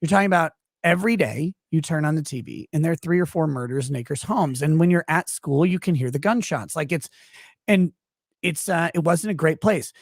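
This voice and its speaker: A man's voice: a little high, brisk, no room sound, clean studio sound. A man in his forties from Houston, a podcast guest telling a rambling, profane story in casual chat. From Houston, Texas.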